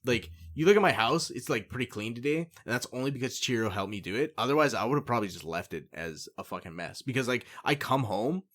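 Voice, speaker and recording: A man's voice: mid-range voice, expressive, fast, few pauses, fairly bright tone. A man co-hosting a podcast, speaking frankly and hesitantly with lots of fillers and swearing. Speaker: podcast co-host. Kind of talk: casual podcast chat.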